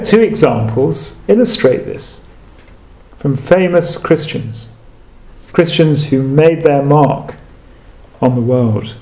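A male preacher telling a story in a sermon, measured and earnest. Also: a little high, darkish tone. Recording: echoey room.

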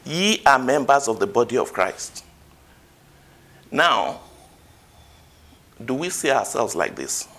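A man's voice: mid-range voice, big pitch swings, takes it slowly, pauses often, fairly bright tone. A man preaching a sermon, quoting scripture and rising to emphatic peaks.

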